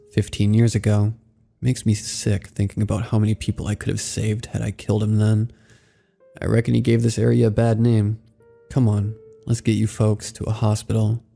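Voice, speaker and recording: A man doing a gruff country ranger with a drawl. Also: on the low side, dark tone. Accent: American Southern rural. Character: gruff older male country park ranger.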